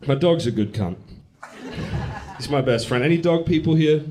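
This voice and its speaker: A man's voice: fairly high pitch, expressive, moderate pace, a crowd in the background, background noise. A man performing a profane, brash stand-up comedy set on stage, telling stories and acting out the people in them. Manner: brash, profane storytelling with acted-out quotes. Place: comedy club stage with a live audience. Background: audience laughter.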